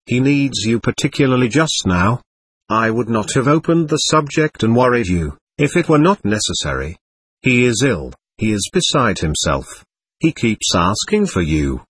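A man's voice: mid-range voice, husky, dry recording. A man reading the part of an earnest young man who pleads emphatically and insistently.

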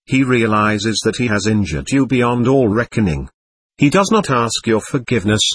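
A man's voice: on the low side, animated, moderate pace, breathy edge, no echo. A man reading the part of an earnest young man who pleads emphatically and insistently. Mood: pleading.

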